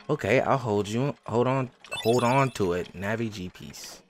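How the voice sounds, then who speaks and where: A young man in his twenties chatting over his own gameplay, excitable and prone to repeating himself. His voice sits mid-range, with game music playing clearly behind him. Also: medium pitch, measured pace, hardly any pauses. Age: 20s. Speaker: let's play host. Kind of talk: casual gaming commentary.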